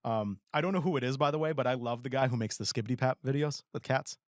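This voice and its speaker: A man's voice: medium pitch, quick pace, no echo. Man, forties, podcast co-host, casual rambling chat, dry close mic. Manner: rambling, animated storytelling with acted-out quotes.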